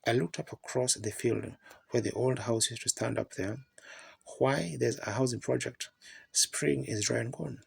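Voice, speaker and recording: A man preaching a sermon, telling folksy stories in plain rural grammar with a gravelly, raspy voice. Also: medium pitch, fairly even intonation, moderate pace, dry recording.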